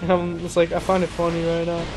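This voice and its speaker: A young man with a fairly high voice talks fast, rambling casually as he commentates his racing game playthrough. He jokes at his own expense and gets easily excited, exclaiming at the action in this relaxed let's-play. Racing game music and engine and car sounds play behind him.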